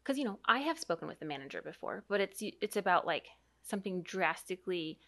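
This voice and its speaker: Woman, 30s-40s, mom co-host, rambling casual podcast talk, mid pitch. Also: expressive, brisk, bright, forceful tone. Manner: chatty and rambling, reads aloud from an article.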